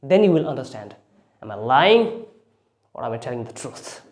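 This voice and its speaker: A man's voice: mid-range voice, very animated, normal speed, darkish tone. A man giving a spoken English lesson, often restarting phrases and leaning hard on key words. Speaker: English speaking teacher.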